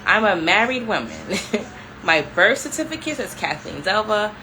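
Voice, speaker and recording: A young adult woman vlogs to her viewers in a casual, storytelling chat. Her voice is bright and forward, and her delivery is animated and conversational, full of "like" and asides to y'all. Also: medium pitch, moderate pace, a little hiss or hum, low-quality recording. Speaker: vlogger.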